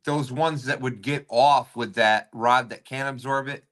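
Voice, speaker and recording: Bright enthusiastic male chat host. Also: mid-range voice, steady tone. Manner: enthusiastic, quick agreeing interjections. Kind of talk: casual chat.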